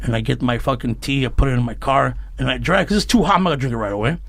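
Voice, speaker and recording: A man's voice: mid-range voice, creaky, a bit bright, no room sound. A man, a comedian guest, chatting casually on a podcast, swearing freely, telling stories and laughing often. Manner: profane, storytelling, quick to laugh. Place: small podcast room lined with foam.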